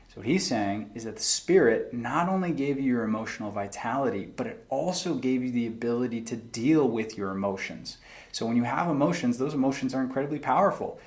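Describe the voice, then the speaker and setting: A man's voice: medium pitch, a little mellow. A young man giving an earnest, reflective talk to camera about faith and struggle, quoting scripture in a plain-spoken way. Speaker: faith video host.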